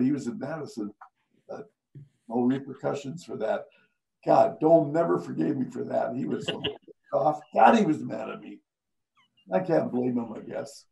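An older man, a veteran radio announcer, telling stories on stage at a live event, animated and acting out the people he quotes. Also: on the high side, vocal fry, poor audio. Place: live event before an audience.

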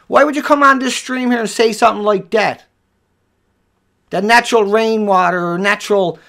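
A man hosting a livestream who rants furiously, hurling profane insults and sometimes shouting. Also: sits high. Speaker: livestream host. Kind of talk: angry livestream rant.

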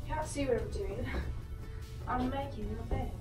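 A woman vlogs as she tidies her messy bedroom, cracking jokes and talking to her belongings in a goofy running commentary. Her voice sits high and sounds animated at a normal speed. A camera across the room picks her up from a distance in an echoey space, with music playing behind.

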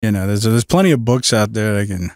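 A man's voice: fairly low pitch, expressive, fast, darkish tone, no room sound, studio quality. Wry, skeptical man chatting on a podcast. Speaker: podcast co-host. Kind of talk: casual chat.

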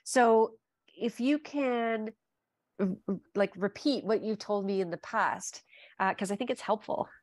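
A woman hosts a relaxed author interview, gushing with praise and tripping over her own restarts. Her voice sits at a middle pitch. The recording is dry and close, with little room sound. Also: measured pace, no echo. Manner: effusive, gushing with frequent restarts. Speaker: podcast host. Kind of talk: casual interview chat.

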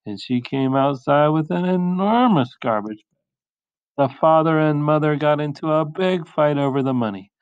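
A male teacher reading a picture book aloud in a slow, expressive storytelling voice. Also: fairly high pitch, smooth, no room sound, muffled recording.

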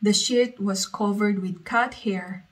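A woman reading a story aloud as a storyteller, slowly and evenly. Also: medium pitch, steady tone, rough recording.

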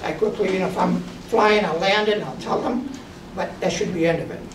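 This high-pitched man talks fast while casually recounting stories of his drone photography jobs, putting on animated voices for the people he quotes. The audio is noisy, with a roomy sound and a distant microphone.

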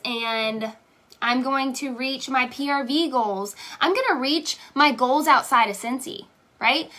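Young woman, team leader, live-stream pep talk; bright, slightly high voice, emphatic and repetitive. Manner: emphatic, repeats "okay?" and "right?". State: tearing up. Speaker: direct sales team leader.

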